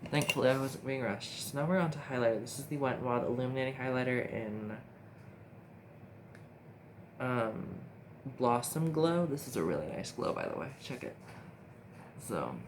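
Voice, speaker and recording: A young man chatting his way through a makeup tutorial, rambling and easily excited, with his voice sitting in a middling pitch. He often talks to himself as he films on a phone, and a steady hiss of background noise runs under the recording. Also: moderate pace, pauses often. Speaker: makeup vlogger. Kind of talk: casual makeup tutorial chat. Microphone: phone camera.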